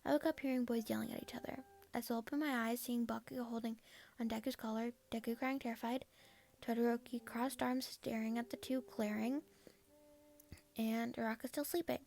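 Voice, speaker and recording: A woman's voice: on the high side, steady tone, brisk, creaky, darkish tone. A woman casually reading her own first-person fan fiction aloud. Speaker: fanfiction reader.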